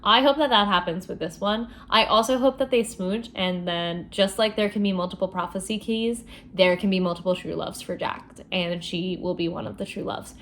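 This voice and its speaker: A young woman in a casual book vlog, chatty and expressive, recapping a novel with frequent fillers. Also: mid-range voice, normal speed, hardly any pauses, a little hiss or hum. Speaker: book vlogger.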